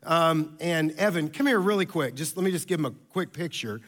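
A man preaching a sermon as pastor, telling stories in an animated, conversational way. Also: fairly high pitch, a little fast.

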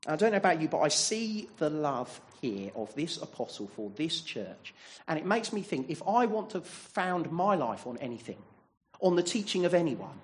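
A man's voice: a little high, sing-song, normal speed. A man preaching a sermon in a church, earnest and asking the congregation many rhetorical questions.

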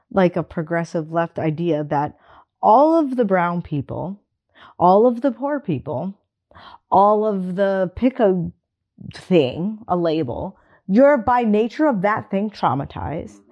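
Blunt lower-voiced woman, dull lo-fi recording. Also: big pitch swings, unhurried. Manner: blunt, emphatic, swears casually, laughs often. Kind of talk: candid conversational talk.

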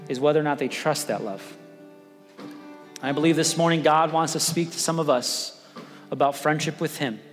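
A man preaches in an easy, animated, storytelling way, his voice a bit on the high side. The church hall gives a long reverb, and faint music plays behind him. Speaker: pastor. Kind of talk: sermon.

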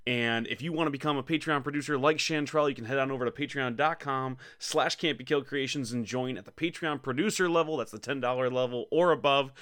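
Male podcast host: bright, smooth voice, joking and self-deprecating, dry close mic. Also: mid-range voice, fast, few pauses, no echo. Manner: joking, self-mocking, reads plugs from bullet points. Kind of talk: casual podcast chat.

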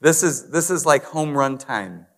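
A man's voice: a little high, lively intonation, unhurried, creaky, a bit bright. A man preaching a conversational sermon, talking straight to the congregation and asking them to respond. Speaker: pastor. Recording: long hall reverb.

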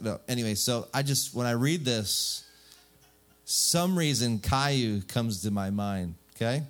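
A man delivers a sermon with casual humor and frequent rhetorical questions to his listeners. His pitch sits at an ordinary middle level for a man. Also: normal speed. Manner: lively, joking, rhetorical questions. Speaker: pastor.

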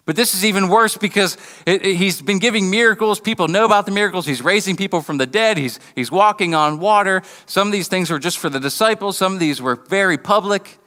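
An earnest male pastor preaches a sermon in a slightly high, bright and crisp voice. He stumbles and restarts his phrases, now and then acting out taunting voices. The sound rings with the long reverb of a church hall. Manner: earnest, halting with repeated restarts, acts out mocking voices. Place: church building.

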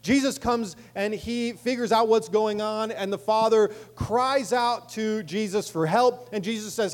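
A man's voice: high-pitched, moderate pace, few pauses, darkish tone. A man preaching a sermon as pastor, conversational, with casual asides and emphatic swells on key lines.

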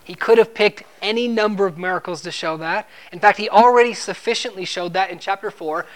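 A man's voice: sits high, brisk, a bit bright. Conversational male preacher asking questions. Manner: conversational, asks the listeners questions; repeats words when stressing a point. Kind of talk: expository sermon.

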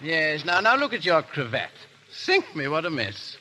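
A man's voice: on the high side, wildly swooping pitch, normal speed, bright, forceful tone, a little hiss or hum, exaggerated voice. A foppish nobleman. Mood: foppish, playful. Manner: languid, stammering, flippant drawl. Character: foppish English nobleman, vain, affected. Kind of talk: 1930s radio drama acting.

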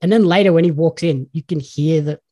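A man's voice: a little high, brisk, dark tone. A man with an Australian accent hosting a podcast, chatting casually and telling stories with enthusiasm. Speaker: podcast host. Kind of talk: casual chat.

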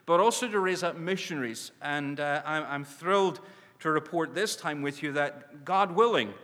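Man, earnest church mission preacher, emphatic, bright tone, long hall reverb. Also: on the high side, normal speed. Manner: earnest, emphatic, with frequent restarts. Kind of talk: preaching address.

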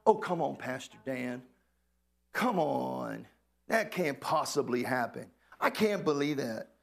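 A man's voice: mid-range voice, expressive, takes it slowly, creaky, pitched below the performer's own voice, heavily acted. A male pastor voicing a doubting male churchgoer who scoffs at the message. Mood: scoffing.

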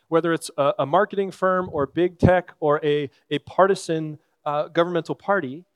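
A man preaching a sermon as a pastor, earnest and conversational, with thoughtful pauses. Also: fairly high pitch, no room sound.

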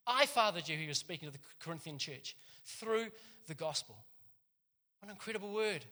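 A man's voice: fairly high pitch, lively intonation, moderate pace, sharp tone. A man, a pastor giving a casual, chatty sermon in a church and laughing often as he tells stories.

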